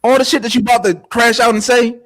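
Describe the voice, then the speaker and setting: A man's voice: extremely high pitch, fairly even intonation, fast talker, a bit bright. A man arguing heatedly on a podcast panel, insistent and repeating himself to hold the floor.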